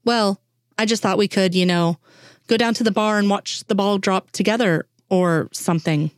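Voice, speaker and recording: A woman's voice: medium pitch, fairly even intonation, normal speed, no echo, lightly acted. A woman reading the lines of a shy, dry-humored male FBI agent in a hesitant, offhand way.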